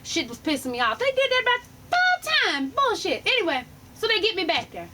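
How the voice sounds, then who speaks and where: A woman vlogger telling a profane, animated story in a casual storytime rant, laughing as she goes. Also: very high voice, brisk, slight background noise.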